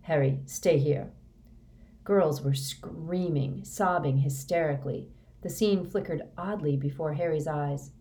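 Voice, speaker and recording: A woman narrating an audiobook in a measured, even read. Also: low voice. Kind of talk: scripted narration.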